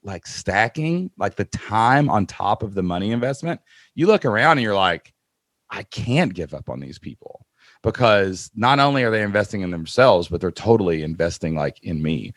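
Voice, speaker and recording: A man with a lowish voice hosts a podcast, speaking at a normal speed in clean, studio-quality audio with no room sound. He tells stories in casual chat as an animated storyteller, acting out the quotes.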